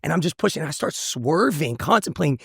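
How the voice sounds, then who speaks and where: Guy telling his testimony super fast, kinda high voice, intense and earnest. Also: expressive, gravelly, husky, no echo, clean studio sound. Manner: intense, earnest storytelling with repetitions. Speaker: motivational speaker and coach. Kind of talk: emotional personal testimony.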